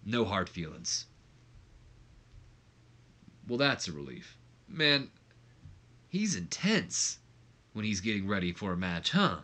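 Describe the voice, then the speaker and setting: A young let's play commentator talks through a game in a fairly low, very animated voice with a sharp tone. His pace is measured and he pauses often, yet he rambles with plenty of fillers, restarts, and frequent "like"s.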